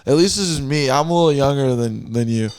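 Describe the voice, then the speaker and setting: A man's voice: mid-range voice, expressive, fast talker, darkish tone, clear, resonant tone. A man in his twenties, a guest rapper, joking in laid-back casual chat.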